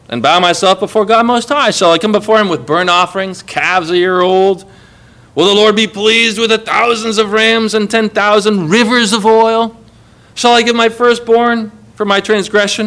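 A middle-aged man, a pastor, preaching a sermon, moving between emphatic rises and quiet, hushed asides. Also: a little high, smooth.

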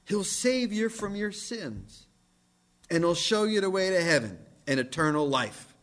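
Male pastor, high and lively voice, preaching with emphatic swings from loud to hushed. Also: unhurried. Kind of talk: sermon.

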